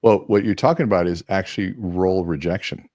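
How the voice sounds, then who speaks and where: A man's voice: deep voice, fairly quick, dry recording, clean studio sound. A man speaking as a guest in a conversational interview, telling stories and acting out quoted dialogue. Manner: animated storyteller acting out quotes.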